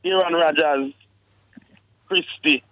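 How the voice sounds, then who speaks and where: A man's voice: fairly high pitch, slow, a bit bright, no echo, rough recording. Jamaican man hosting sports radio. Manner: teasing, pushes for answers. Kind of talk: casual sports chat.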